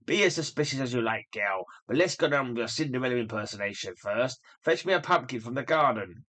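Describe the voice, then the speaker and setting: A man's voice: medium pitch, animated, a little fast, fairly bright tone. A man voicing a mischievous male imp acting as fairy godmother while reading a comic aloud, with grand, old-fashioned, theatrical speech. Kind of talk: comic book read aloud.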